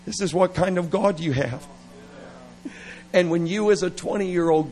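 A middle-aged man preaching at a revival service, animated and playful, with laughing asides. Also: high voice, a little slow, pauses often, slight background noise, poor audio. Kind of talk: revival sermon.

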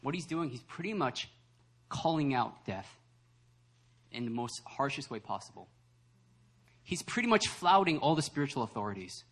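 A young adult man, a pastor, preaching a lively sermon that acts out voices and laughs often. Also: mid-range voice, moderate pace, long pauses. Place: church service hall.

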